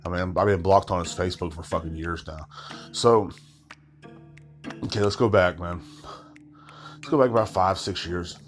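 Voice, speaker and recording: A man's voice: low-pitched, steady tone, moderate pace, pauses often, soft background music. A man in his thirties hosting a podcast, telling a long story in a loose, rambling way with lots of swearing and asides, sounding tired. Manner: rambling, heavy swearing, frequent filler asides. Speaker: podcast host. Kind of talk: casual storytelling monologue.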